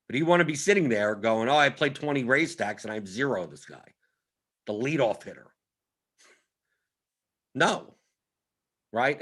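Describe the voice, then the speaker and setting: A man hosting a fantasy sports strategy breakdown, talking animatedly with quick restarts and repeated words. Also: on the high side, bright, forceful tone. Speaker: fantasy sports analyst host. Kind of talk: strategy breakdown over a screen share.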